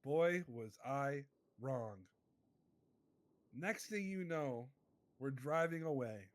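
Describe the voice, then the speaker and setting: A man's voice: medium pitch, animated, slow pace, no echo. A man playing a small-time crook who testifies in a roleplay court, earnest and rambling, forever turning back to the judge. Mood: pleading.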